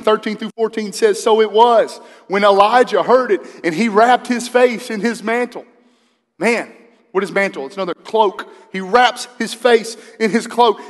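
A man delivers a sermon in a high voice, chatting with his congregation and asking them questions. His voice carries a long reverb from the church sanctuary. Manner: conversational preaching, asks the congregation questions. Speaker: pastor.

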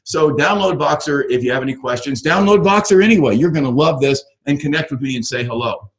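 A man's voice: a little high, lively intonation, brisk, poor audio. Enthusiastic middle-aged man coaching online. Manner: enthusiastic, rambling with fillers. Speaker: real estate coach hosting a webinar. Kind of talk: casual webinar talk. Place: ranch.

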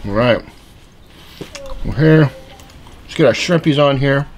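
A man's voice: mid-range voice, measured pace. A man hosting a casual cooking vlog, talking upbeat and straight to viewers while he grills outdoors on a cold, windy day. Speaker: grilling channel host. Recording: outdoor recording with loud grill sizzle. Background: food sizzling on the grill.

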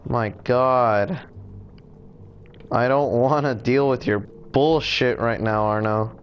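A man's voice: mid-range voice, slow, slight background noise. A young man commentating a game as he plays, frustrated, swearing and exclaiming at what happens on screen. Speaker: gameplay commentator. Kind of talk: let's play commentary.

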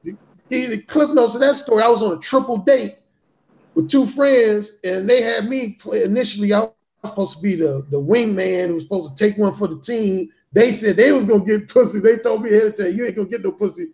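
A man's voice: sits high, fairly quick, darkish tone. A man telling a story as a podcast guest, speaking bluntly and profanely with heavy emphasis. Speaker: podcast guest, dating author. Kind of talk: casual storytelling in a talk show.

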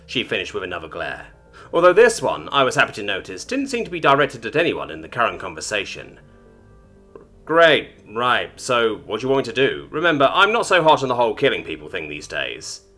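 A man's voice: medium pitch, sing-song, fairly quick, bright, forceful tone, soft background music. A man narrating a first-person sci-fi story in a wry, casual, sarcastic way.

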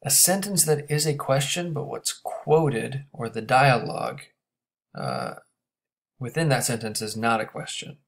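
A man teaching a grammar lesson, explaining step by step and checking in with quick questions. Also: mid-range voice, sing-song, creaky, fairly bright tone.

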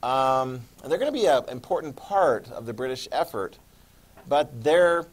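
A man's voice: mid-range voice, expressive, normal speed. A man gives a history lecture to his class in a loose, conversational way. He stops often to ask his students whether they follow, then picks the thread back up. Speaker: history teacher.

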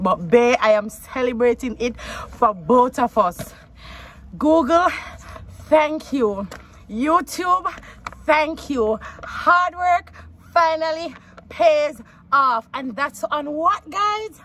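A woman with a Jamaican accent, vlogging from home in a casual, excitable way, who also prays aloud. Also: sits high. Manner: prayerful, then excited and loud.

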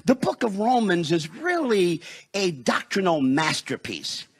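Husky high-pitched preacher guy from detroit, voice swings all over the place, shouting and half-singing his points. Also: sing-song. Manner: preaching with shouted, sung rises and dramatic slowdowns. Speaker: pastor. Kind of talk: sermon. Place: church sanctuary.

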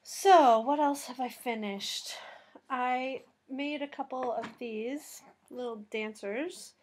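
A woman's voice: high-pitched, takes it slowly, slight background noise. A tired woman hosting a casual knitting vlog from home, chatty and rambling, going off on tangents and laughing at her own mistakes. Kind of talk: casual chat. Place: at home with a cat on her lap.

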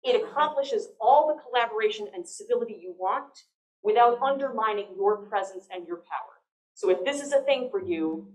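A woman giving a lively, conversational public lecture on negotiation, often checking in with the audience. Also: fairly high pitch, a little fast. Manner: lively, conversational, frequent "right?" tags. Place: lecture hall. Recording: echoey lecture hall.

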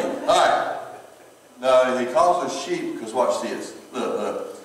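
Middle-aged southern pastor cracking jokes in a sermon, kinda high voice, echoey church from far off. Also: male voice, lively intonation, takes it slowly, long pauses. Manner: folksy, laughs often, repeats words. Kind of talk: humorous sermon. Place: church sanctuary.

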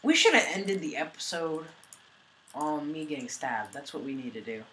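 A teenage boy chats and jokes his way through a game, easily startled. His voice is somewhat high and very lively, with a sharp, bright edge. A faint hiss sits behind him. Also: normal speed. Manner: jumpy, hums and jokes while playing. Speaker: gamer. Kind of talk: casual gaming commentary.

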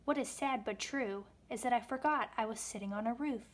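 A sorrowful boy ghost, voiced by a woman reading a storybook, lamenting his fate in a soft, plaintive way. The voice stays close to her own, a gentle storybook read-aloud. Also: a little high, fairly quick, lightly acted. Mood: mournful. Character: mournful boy ghost, young scientist.

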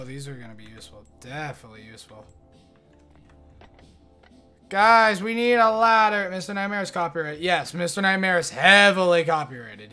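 A man's voice: a little high, sharp tone. A young man streaming games, chatting casually with his viewers in a rambling, profane, joking way. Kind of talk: casual livestream chat while gaming.

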